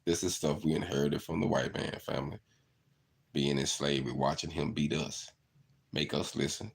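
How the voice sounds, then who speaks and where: A man's voice: a bass voice, steady tone, normal speed, creaky, breathy edge. A middle-aged man, earnestly telling stories in a reflective monologue. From southeast Arkansas. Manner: earnest, storytelling, repeats "you know". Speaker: channel host.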